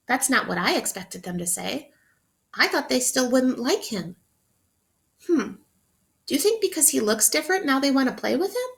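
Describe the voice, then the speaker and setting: A woman teacher reading a picture book aloud to children, expressively, pausing to ask them questions. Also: medium pitch, gravelly, fairly bright tone. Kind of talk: interactive read-aloud for children.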